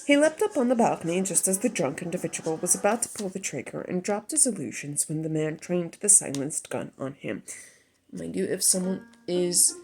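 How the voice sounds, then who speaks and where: Brief: low-pitched woman storyteller, casual chatty asides, faint music bed. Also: lively intonation, normal speed, warm tone, rough recording. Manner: chatty, self-deprecating asides between narration. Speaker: storyteller reading her own story.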